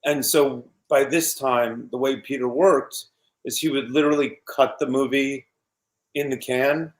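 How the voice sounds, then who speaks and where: A man's voice: medium pitch, unhurried. Man in his fifties telling set stories. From New York. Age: 50s. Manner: animated anecdotes with laughs and quoted voices. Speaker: actor guest. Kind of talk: casual interview storytelling.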